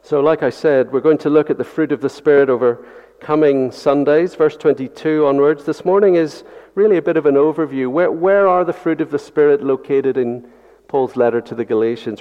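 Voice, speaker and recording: A man delivers a sermon in an earnest, searching way, repeating key phrases and asking the congregation rhetorical questions. His voice sits a little high for a man. The sound is dull and lo-fi, with a long hall reverb around him. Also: moderate pace. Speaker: pastor. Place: church.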